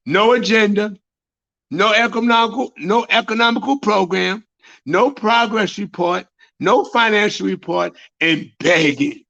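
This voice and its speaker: A man preaching as a high priest, repeating phrases and building to shouts, on a dull lo-fi recording. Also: a little slow, gravelly. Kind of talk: sermon.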